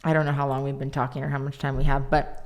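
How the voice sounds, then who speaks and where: Woman, low pitch, podcast co-host, casual chat, teasing, prompting. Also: flat delivery, quick pace. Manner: prompting, teasing interviewer, asks leading questions.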